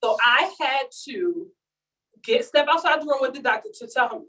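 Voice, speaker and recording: Woman on stage telling a funny story, animated, acts out the quotes, bit high voice, mic kinda far away. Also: a little slow. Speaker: speaker at a launch event. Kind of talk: storytelling talk to an audience.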